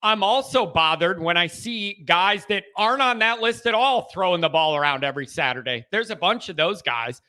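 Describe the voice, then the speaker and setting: A man's voice: sits high, moderate pace, few pauses. A man hosting a casual call-in show, talking football with callers in an emphatic, folksy way. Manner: animated, emphatic, folksy talk. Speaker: show host. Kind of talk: call-in sports chat.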